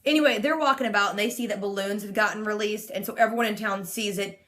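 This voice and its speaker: A vlogger in her twenties recaps a TV episode in casual chat, sarcastic and chatty, with heavy use of "like". She talks fast at a medium pitch, a bit bright, with little pitch movement.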